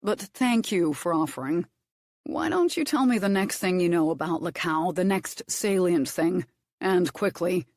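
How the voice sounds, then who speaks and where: A woman's voice: on the low side, lively intonation, unhurried, a little mellow, dry recording, studio quality. A woman voicing a stern, arrogant earl who answers curtly. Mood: curt, wary. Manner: curt and clipped. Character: stern, arrogant sea-raised earl, a grown man.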